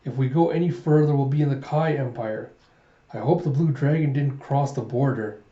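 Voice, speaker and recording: A man voicing a clever, practical young male guide with a brisk, know-it-all manner. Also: mid-range voice, roomy sound, muffled recording, natural voice.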